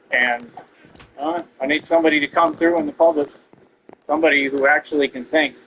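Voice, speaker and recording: A man from Texas with a fairly high voice rants at viewers during a game stream, sounding boastful and confrontational. The stream audio is dull and lo-fi, with background noise.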